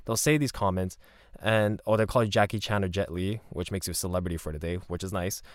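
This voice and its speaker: A man from Canada hosting a casual solo podcast, telling stories in a relaxed, rambling way and laughing often. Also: sits low, fast talker, dry recording, clean studio sound. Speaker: podcast host.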